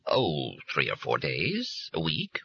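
A man's voice: deep voice, big pitch swings, normal speed, bright, forceful tone, breathy edge, no echo, lo-fi sound, full character voice. A man reading aloud, playing a pompous, insecure male psychiatrist who talks in formal clinical phrases.

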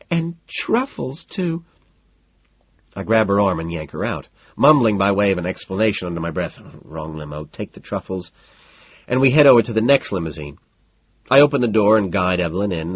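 A man narrating a first-person audiobook in a dry, deadpan way. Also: low-pitched, husky, no room sound. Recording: dull, dry lo-fi recording.

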